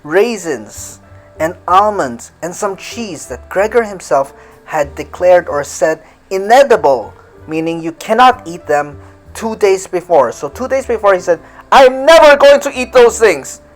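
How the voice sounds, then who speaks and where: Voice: mid-range voice, lively intonation, a little slow, faint music behind. A storyteller reading a classic tale aloud, stopping often to restate harder words in simpler English and acting out the quoted lines playfully. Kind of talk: read-aloud storytelling with word explanations.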